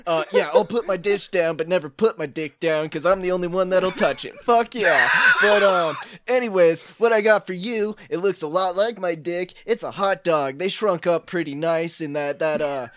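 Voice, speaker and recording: A man's voice: high-pitched, moderate pace, hardly any pauses, crowd noise, natural voice. A man playing a crude, cocky bro chef. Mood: boastful. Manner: loud, swaggering, profane bro talk. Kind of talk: improvised comedy role-play.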